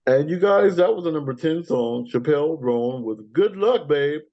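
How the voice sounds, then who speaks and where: A man's voice: a little high, animated, moderate pace, lo-fi sound. A man hosting a music countdown podcast in a casual, chatty way. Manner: chatty, with frequent fillers and laughs. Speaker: podcast host. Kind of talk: casual countdown show chat.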